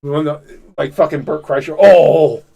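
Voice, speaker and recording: A man's voice: a little high, steady tone, normal speed, vocal fry, lo-fi sound. A man co-hosting a podcast in casual chat, rambling and swearing constantly with enthusiasm. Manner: rambling, heavily profane, enthusiastic. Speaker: podcast co-host.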